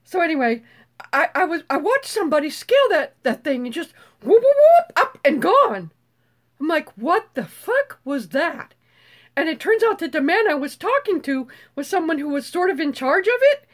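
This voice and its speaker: An older woman chatting casually as a channel host, with a high voice that swings widely up and down. She is bubbly, swears freely and breaks into screeches when excited. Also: normal speed. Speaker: YouTube host. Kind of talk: casual live chat.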